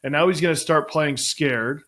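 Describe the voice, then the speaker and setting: Host guy with a slightly high voice, emphatic, exasperated, swears casually. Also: normal speed, fairly bright tone. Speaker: podcast host, catching coach. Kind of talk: casual conversational chat.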